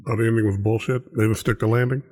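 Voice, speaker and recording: Quick, husky man cutting in with questions. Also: on the low side, steady tone, darkish tone, no echo. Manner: short questions cutting in on the story. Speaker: podcast co-host. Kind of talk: casual chat.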